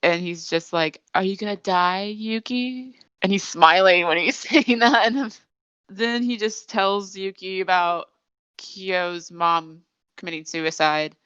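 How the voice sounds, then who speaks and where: A woman's voice: on the low side, slow, fairly bright tone, smooth, no echo, highs cut off. A woman podcast host in casual chat, recapping an episode in a rambling storytelling way with lots of fillers. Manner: chatty storytelling with many fillers.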